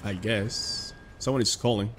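A man's voice: on the low side, fairly even intonation, measured pace. A man from Spain streaming a game live and chatting with viewers in a casual, joking way. He swears freely. Faint noise runs behind his voice.

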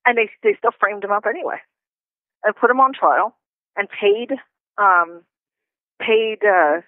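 A woman calling in from jail, telling her story in an indignant, animated way with quick asides. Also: medium pitch, no room sound. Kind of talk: casual call-in storytelling. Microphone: prison phone. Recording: tinny phone line.

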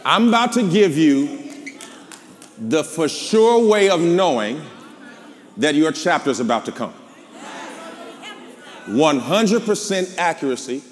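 A man with a Southern American accent, a pastor preaching a sermon, calling out to the congregation and then dropping into low asides. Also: lively intonation, slow pace, pauses often, long reverb tail. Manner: call-and-response preaching, swings from shouting to low asides. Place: large church before a live congregation. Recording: live church with crowd and noise. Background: congregation responding.

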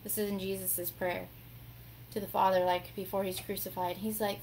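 Gravelly-voiced woman telling a devotional story. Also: fairly low pitch, moderate pace, a little hiss or hum, rough recording. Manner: animated storytelling, acts out quotes. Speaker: devotional host. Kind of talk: casual devotional talk.

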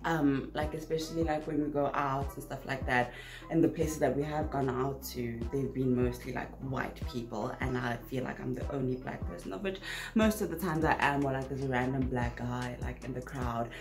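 A woman's voice: very deep voice, fairly even intonation, moderate pace. A young woman from South Africa chatting casually through a Q&A vlog, full of "like" fillers. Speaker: YouTuber. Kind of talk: casual Q&A chat. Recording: echoey room with music behind.

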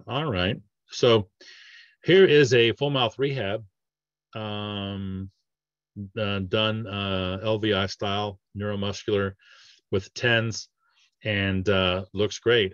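A man's voice: fairly low pitch, a bit bright, no echo, dull audio. A man, a dentist, talking through patient cases in a casual training presentation, with lots of fillers and restarts. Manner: conversational, with many fillers and restarts. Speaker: dentist giving a training webinar.

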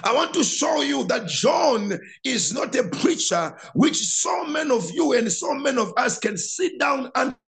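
A man preaching a sermon as pastor, impassioned and repeating words, building up to shouted passages. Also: extremely high pitch, sing-song, moderate pace, creaky, few pauses. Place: church.

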